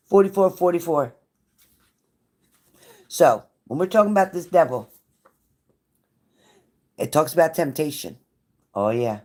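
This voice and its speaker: A woman's voice: low-pitched, darkish tone. Woman, tarot reader, live reading, blunt, profane, repetitive, pep-talk delivery. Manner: repeats phrases for emphasis.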